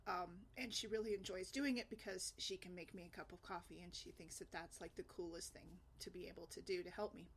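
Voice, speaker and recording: Woman vlogger, chatty storyteller, loose and rambling, quick to laugh. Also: lowish voice, steady tone, a little hiss or hum. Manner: chatty, rambling, laughs often, many fillers. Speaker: single mom blogger. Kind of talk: casual personal storytelling.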